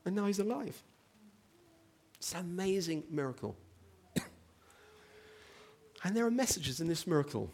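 A man's voice: high voice, very animated, normal speed, pauses often, darkish tone, slightly rough. A man preaching a sermon, telling a story with animation and asking the congregation questions. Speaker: pastor.

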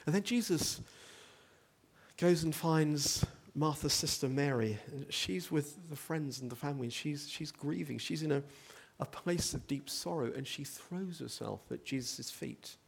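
A man's voice: fairly high pitch, unhurried, creaky, slightly rough. A man preaching a sermon, earnest, building to emphatic rhetorical questions.

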